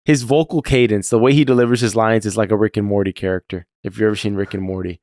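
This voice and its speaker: Man, podcast co-host, casual chat, lowish voice, smooth, animated, dry close sound. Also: fast talker, dry recording. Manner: animated, acts out lines from the show in raised voices. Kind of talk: casual chat about a TV episode.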